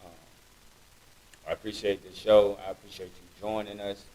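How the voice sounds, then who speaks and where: A man's voice: on the low side, flat delivery, normal speed, dark tone, low-quality recording. A man hosting an interview, speaking candidly and informally about his own experience. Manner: candid, informal, personal storytelling. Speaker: podcast host. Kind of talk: casual interview talk.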